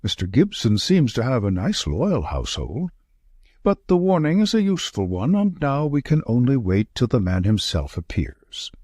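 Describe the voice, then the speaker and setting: A man's voice: mid-range voice, wildly swooping pitch, moderate pace, dark tone, husky, no room sound, studio quality. A man reading as a shrewd, wry Victorian detective. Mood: dry. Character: shrewd, dry-witted male Victorian detective. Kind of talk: audiobook reading.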